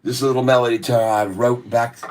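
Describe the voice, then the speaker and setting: A man's voice: medium pitch, little pitch movement, darkish tone. A man hosting a stock trading livestream, chatting casually and reading viewer comments in a drawling, jokey way. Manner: drawling and jokey, chuckling between remarks; slow, drawn-out delivery when explaining trades.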